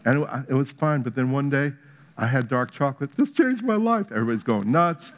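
A pastor preaching a sermon in a mid-pitched voice. He tells a playful, humorous story and drives home his points with rising emphasis. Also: quick pace.

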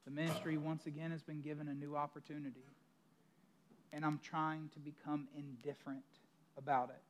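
A man's voice: a little high, level tone, a little fast, slight background noise. A male pastor preaching a sermon in a conversational storytelling way, with emphatic asides to the congregation.

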